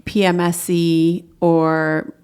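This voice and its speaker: A woman hosting a podcast, interviewing a guest in a calm, informative and affirming way. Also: fairly low pitch, very slow, clear, resonant tone. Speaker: podcast host and doula educator. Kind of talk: interview and scripted outro.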